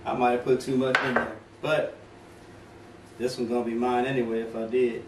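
A man's voice: medium pitch, flat delivery, moderate pace, recorded from a distance. Joking male home cook, echoey kitchen. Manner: playful, joking, talks straight to viewers in Southern US slang. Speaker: home cooking video host. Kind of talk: casual cooking demonstration. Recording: echoey kitchen from off-mic, faint room noise.

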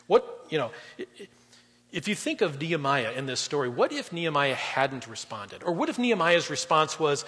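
Middle-aged male preacher, husky tone, fairly high voice, conversational sermon with loud and soft swings. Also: very animated, moderate pace. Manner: conversational preaching, swings between loud emphasis and quiet drops. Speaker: guest pastor. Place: church auditorium. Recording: long reverb in a large hall.

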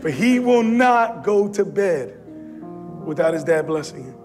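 Pastor, male, middle-aged, very high voice, impassioned church sermon over music. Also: animated, unhurried. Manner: impassioned preaching, shouting at peaks. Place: church sanctuary.

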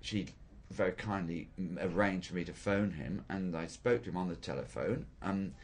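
An older man, a theatre director, recalling his work in an interview, thoughtful and hesitant with frequent pauses and restarts. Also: low-pitched. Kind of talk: reflective interview recollection.

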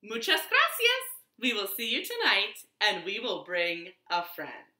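A woman's voice: medium pitch, very animated, unhurried, sharp tone, echoey room, exaggerated voice. A woman voicing a cheerful little mouse in a children's story, chirping eagerly. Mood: polite.

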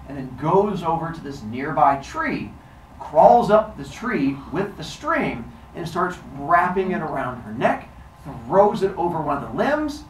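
A male teacher telling a myth to his class in an animated, theatrical way, recorded in a classroom. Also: on the high side, roomy sound, far from the mic, slight background noise, rough recording. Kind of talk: storytelling lesson.

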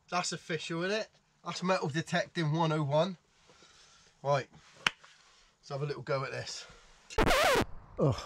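A man's voice: mid-range voice, noisy background. A man vlogging casually, chatty and self-mocking, from in and around a camper van. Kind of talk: casual vlog talk to camera.

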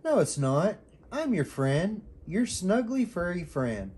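A man voicing a gentle, cuddly male bear friend in a children's storybook, with a soft, soothing, sing-song delivery. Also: sits high, big pitch swings, slow, slight background noise, full character voice.

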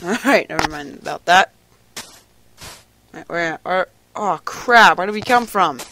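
Hyper guy playing a game, giggles a lot, goes off on random noises, slow talker, lots of hiss in the recording. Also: high-pitched, expressive, pushed and bright. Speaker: gameplay commentator. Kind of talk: casual let's-play commentary. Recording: noisy home recording.

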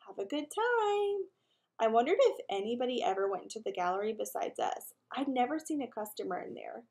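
A woman with a slightly high voice reads a children's novel aloud. She stays lively and breaks off now and then for casual asides to her listeners. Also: fast talker, creaky. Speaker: reader.

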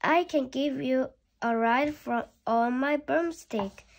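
A woman's voice: high-pitched, slow, vocal fry, heavily acted. A woman voicing a young, good-natured little girl witch in a children's storybook read-aloud. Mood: eager. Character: young well-behaved girl witch, sad then proud.

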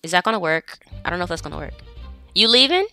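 A woman's voice: fairly low pitch, very animated, fast, sharp tone, faint music behind. A woman giving casual, chatty gameplay commentary, talking straight to her game characters as she plays. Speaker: let's play gamer.

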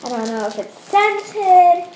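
A young woman vlogging an excited toy unboxing, gushing and exclaiming over it. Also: very high-pitched, slow pace. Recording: echoey room with clear background noise.

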